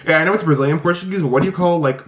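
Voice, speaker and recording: A man in his twenties talking casually to the camera in a vlog, saying "like" a lot and laughing between sentences. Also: very fast. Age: 20s. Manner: chatty, says "like" a lot, laughs mid-sentence; swings up high and animated for quoted bits. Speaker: vlogger.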